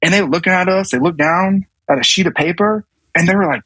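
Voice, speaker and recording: A man's voice: high-pitched, fast, fairly bright tone, breathy edge, no echo, poor audio. A man in his thirties, a navy command master chief and podcast guest, telling a story casually with many restarts and acted-out quotes. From US South.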